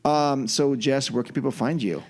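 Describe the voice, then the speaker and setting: A man's voice: mid-range voice, normal speed, darkish tone, faint music behind. A man hosting a podcast, chatting casually in an easygoing, rambling way as he wraps up the show. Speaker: podcast host.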